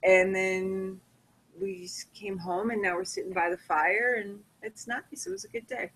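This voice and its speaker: A woman's voice: medium pitch, a little slow, a bit bright, slightly rough, low-quality recording. A woman co-hosting a casual podcast from home, chatty and upbeat. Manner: chatty and upbeat, laughing easily. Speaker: podcast co-host. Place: home by the fire.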